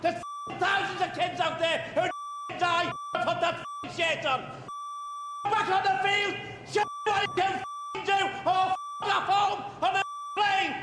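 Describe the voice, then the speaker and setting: A man's voice: very high-pitched, fairly even intonation, slow, roomy sound, pitched above the performer's own voice, exaggerated voice, low-quality recording. A man putting on the voice of a furious male football manager who rants and bellows at his players. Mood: furious ranting. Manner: shrieking, ranting.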